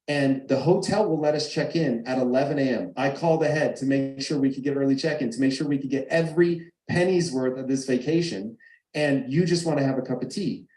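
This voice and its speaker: This man's animated personal story comes through a video call mic, rough and echoey, as he emphatically acts out the arguments he's quoting. He speaks at a medium pitch with a dark tone.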